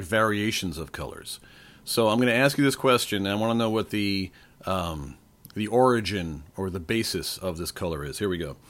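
A man in his forties or older, slightly hoarse, hosting a casual trivia quiz podcast with a playful, joking manner. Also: on the low side, fairly bright tone. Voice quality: playful, jokey. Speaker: podcast host. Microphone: desk microphone.

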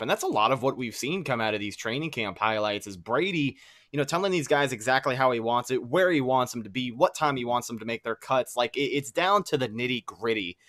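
Male co-host, middle pitch, easy conversational delivery, dry sound. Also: a bit bright, no room sound. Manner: conversational, asks questions. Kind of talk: casual sports talk.

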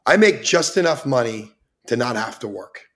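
A man's voice: mid-range voice, lively intonation, moderate pace, fairly bright tone. Rowdy storytelling man in his forties. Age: 40s. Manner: rowdy, swearing, acts out voices in his stories. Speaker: podcast guest. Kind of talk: casual storytelling chat.

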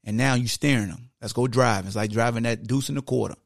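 A man hosting a podcast, breaking down football technique in a casual, animated, slangy coaching manner. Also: medium pitch, fast, creaky, no echo, clean studio sound. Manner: slangy, conversational. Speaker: podcast host.

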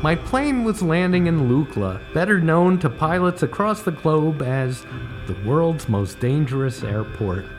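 A middle-aged man tells scripted comic travel stories in a dry, wisecracking voice that sits a little high and moves around lively in pitch. Faint music runs under his narration. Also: a little slow. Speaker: comedy writer telling travel stories.

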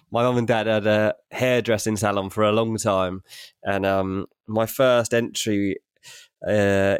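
A young British man with a lowish voice chats as a podcast co-host. He tells self-mocking stories in a loose, matey way, recorded close and dry with no room sound. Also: clean tone, dry recording. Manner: chatty anecdotal storytelling, matey and self-mocking. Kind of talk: casual chat.

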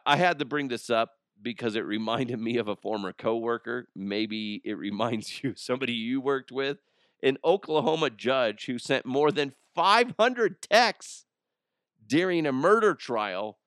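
A man's voice: mid-range voice, lively intonation, moderate pace, fairly bright tone, dry recording, clean studio sound. A middle-aged man hosting a podcast, chatting casually, laughing often and swearing freely. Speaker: podcast host. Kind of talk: casual solo chat.

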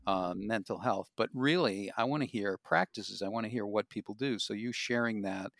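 A man in casual conversation, reflectively suggesting calming practices and mantras. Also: lowish voice, normal speed, no echo, clean studio sound.

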